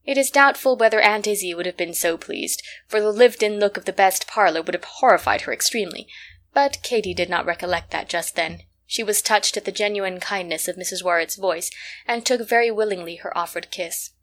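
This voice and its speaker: A woman reads a classic children's novel aloud. She keeps a measured, steady storytelling pace with plain, clear delivery. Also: medium pitch. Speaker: reader. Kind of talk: scripted narration of a classic novel.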